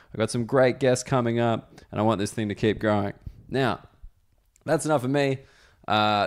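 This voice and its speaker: A man's voice: medium pitch, clear, resonant tone. A man, a podcast host and comedian, telling a loose, casual story full of fillers before chatting with his guest.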